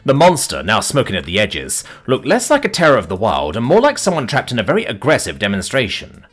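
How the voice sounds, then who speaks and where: Male storyteller, wry deadpan narration, very lively pitch, faint music behind. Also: brisk. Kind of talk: scripted comic fantasy narration.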